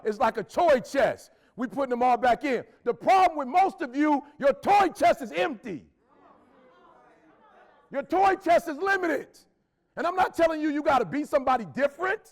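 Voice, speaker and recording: A middle-aged motivational speaker from Detroit, Michigan, USA, delivers an urgent, preachy speech to a live audience, repeating lines for emphasis in slangy language. His voice is very high and animated, moving at a moderate pace.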